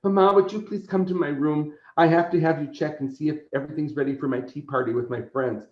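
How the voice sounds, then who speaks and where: A man's voice: fairly high pitch, fairly even intonation, quick pace, pitched above the performer's own voice, lightly acted. A man voicing a cheerful, morbid little girl who talks in a sweet, sing-song way. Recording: roomy, slightly dull recording.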